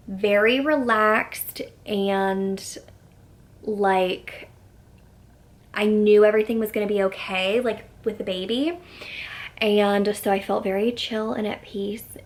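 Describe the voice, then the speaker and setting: A woman's voice: medium pitch, creaky. A young woman vlogger casually telling a personal story to camera, chatty and filling her talk with "like", sometimes dropping to a whisper when quoting herself. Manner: chatty, says "like" often, quotes herself in soft whispers.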